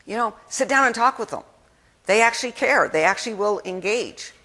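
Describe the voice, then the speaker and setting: A woman delivers a spirited keynote in a conference hall. Her voice is bright and forceful, at a middle pitch. She chats with the crowd and slips into other people's voices, and her words ring out with a long reverb around the hall. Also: fairly quick. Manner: lively, conversational, acts out quoted people. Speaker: keynote speaker. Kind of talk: energetic keynote speech.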